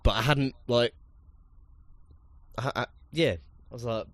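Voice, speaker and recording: A man, co-hosting a casual podcast chat with an animated, swearing, self-mocking manner. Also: medium pitch, measured pace. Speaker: podcast co-host.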